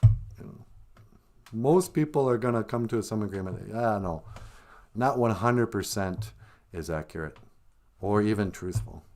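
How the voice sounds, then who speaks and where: A man from Minnesota hosting a comedic live stream, rambling and halting with a dry, self-mocking humor. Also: lowish voice, a little mellow. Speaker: host of a language comedy show.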